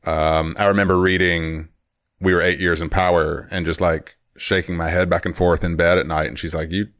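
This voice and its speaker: A man's voice: low-pitched, flat delivery, normal speed, fairly bright tone, no echo, clean studio sound. A man co-hosting a podcast in casual chat, rambling and wry, often correcting himself. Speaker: podcast co-host.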